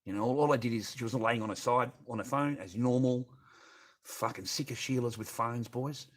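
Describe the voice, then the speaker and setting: A man's voice: mid-range voice, normal speed. A middle-aged Australian man talking on a casual livestream, bitter and rambling, swearing constantly as he answers his chat.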